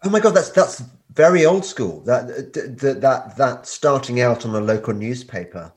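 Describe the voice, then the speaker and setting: A man's voice: mid-range voice, animated, moderate pace. A man hosting a podcast, drowsy from painkillers, who rambles and stammers over his words. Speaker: podcast host. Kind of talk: casual podcast chat.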